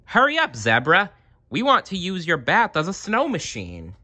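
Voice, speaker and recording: Guy doing a squeaky little toy bear, all excited, bouncy storybook voice. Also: moderate pace, breathy edge, heavily acted. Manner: high, eager, squeaky.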